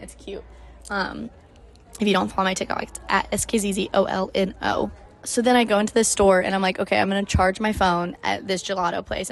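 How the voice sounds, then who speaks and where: A woman's voice: medium pitch, creaky. A nineteen-year-old woman hosting her own podcast, telling a story in a chatty way with lots of "like" and acted-out quotes. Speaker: podcast host. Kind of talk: casual storytelling monologue.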